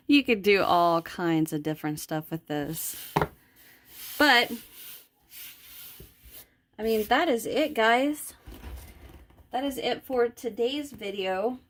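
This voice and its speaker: A woman's voice: on the high side, expressive, slow pace, long pauses. A woman hosting her crochet channel, chatting casually through a tutorial with frequent ums and restarts.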